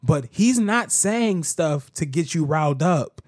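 A man's voice: a little high, slow pace, no room sound, clean studio sound. A man hosting a podcast, telling a story in casual chat and acting out the quotes. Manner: animated storytelling, acts out quotes. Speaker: podcast host.

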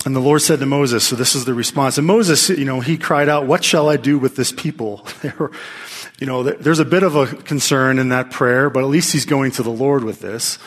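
A man preaching a sermon to a live congregation, speaking in an animated, emphatic way with frequent restarts. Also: mid-range voice, normal speed. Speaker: pastor teaching.

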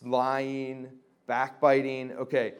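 Speaking slowly and smoothly in a medium pitch, this young Christian formation teacher keeps his delivery completely flat. His talk to a group on reconciling relationships is casual and chatty, packed with fillers, and he performs the quoted exchanges he describes.

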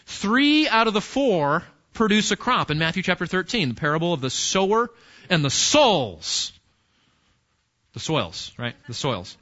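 A male pastor preaching an animated sermon and talking straight to his listeners. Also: sits high, moderate pace, hardly any pauses. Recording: dull lo-fi recording.

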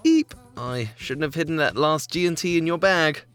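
A man's voice: on the high side, normal speed, a bit bright, smooth, soft background music, pitched above the performer's own voice, natural voice. Man doing a flustered young boyfriend. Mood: teasing. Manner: exasperated, grumbling, playful.

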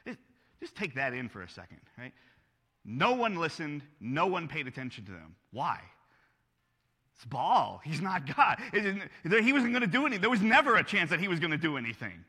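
A man preaching in a long-reverb hall, his voice bright and forceful, pitched a bit high. He reads scripture with mounting emphasis and breaks off into casual asides to his listeners. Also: sing-song, a little fast, slightly rough. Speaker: pastor. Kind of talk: sermon with scripture reading.

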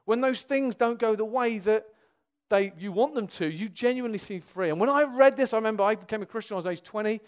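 A young man delivers a sermon to his congregation with animated earnestness, swinging from loud exclamations down to quiet, serious tones. His voice is high and he talks fast.

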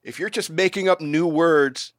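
A man's voice: a little high, moderate pace, fairly bright tone, no echo, clean studio sound. A man hosting a podcast, chatting casually and profanely, mocking the news he reads out. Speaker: podcast host. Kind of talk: casual comedic banter.

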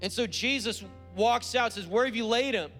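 A man preaching a sermon as pastor, driving points home with repeated phrases and slowing down to read scripture. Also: extremely high pitch, fairly bright tone, soft background music. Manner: slows down when reading scripture aloud. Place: church service.

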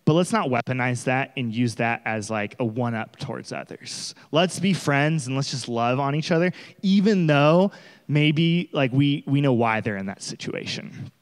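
A man's voice: medium pitch, normal speed, big-room sound. A young man giving a casual, conversational sermon, often acting out voices of the people he talks about. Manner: conversational, animated, acts out quoted voices. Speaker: preacher.

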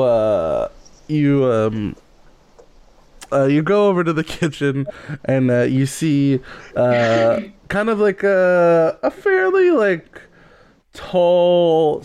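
Slow-talking man running a tabletop game. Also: on the high side, sing-song, darkish tone, smooth. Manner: slow, full of filler pauses, laughs easily. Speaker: game master.

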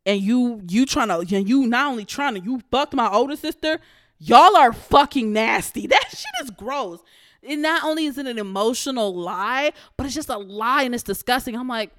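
Profane young podcast host, smooth and dry. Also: mid-range voice, no echo. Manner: profane, blunt, gossipy. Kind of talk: solo podcast rant.

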